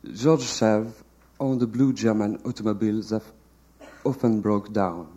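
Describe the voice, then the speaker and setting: A man giving a measured, deliberate literary reading of a translated novel at a live panel event. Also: fairly low pitch, fairly even intonation, mellow, rough recording.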